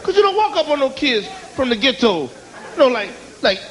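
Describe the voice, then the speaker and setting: A man doing a stand-up comedy routine, telling a crude, profane story loudly and with animation. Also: very high-pitched, very animated, a little fast, a crowd in the background. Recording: noisy live show recording with audience. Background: audience laughter.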